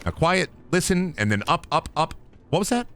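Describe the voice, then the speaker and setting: A man streaming a game, talking in goofy, excitable, profanity-heavy commentary. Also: fairly high pitch, normal speed, faint music behind. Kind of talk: casual gameplay commentary.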